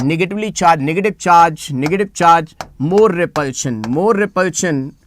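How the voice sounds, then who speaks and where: Leading a chemistry lesson live online, a high-voiced man enthusiastically repeats himself to nudge students into replying in the chat. A bit of hiss or hum sits in the audio.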